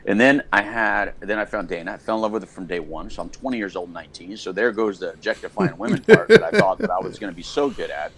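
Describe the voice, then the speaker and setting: Storytelling middle-aged man, lowish voice. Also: fast talker, few pauses. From United States. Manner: storytelling, animated, acts out quotes. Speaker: podcast co-host. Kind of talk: casual chat.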